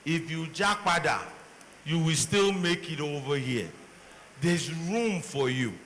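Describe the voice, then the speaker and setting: Nigerian guy on a panel, bright voice, big echoey hall. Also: fairly high pitch, takes it slowly, slight background noise. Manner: animated storytelling, acts out exchanges. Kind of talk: panel talk. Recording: long hall reverb, faint ambience.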